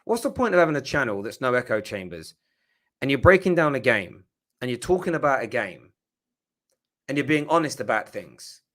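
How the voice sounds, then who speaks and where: Passionate football stream host. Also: male voice, medium pitch, very animated, moderate pace, a bit bright. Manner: passionate, emphatic, swears when riled. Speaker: football fan channel host. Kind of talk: live-stream match reaction.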